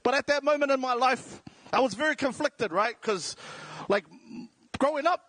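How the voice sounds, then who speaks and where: Comedian, man, South Auckland accent, higher pitch, dry close sound. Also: normal speed, fairly bright tone, dry recording. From New Zealand. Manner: jokey, self-deprecating. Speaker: comedian and radio host. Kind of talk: stand-up style talk. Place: large indoor venue.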